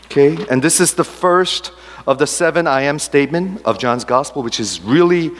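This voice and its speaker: A man's voice: on the high side, normal speed, a bit bright, a little hiss or hum. Man preaching in an echoing hall. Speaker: pastor. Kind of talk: sermon.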